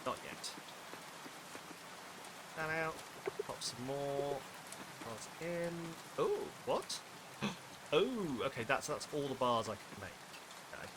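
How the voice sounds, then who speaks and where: A man's voice: on the high side, big pitch swings, slow, long pauses, noisy background. A man from near Wales chatting casually while playing a game on stream, muttering a running commentary with jokey self-deprecating asides. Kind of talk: casual live-stream gameplay chat.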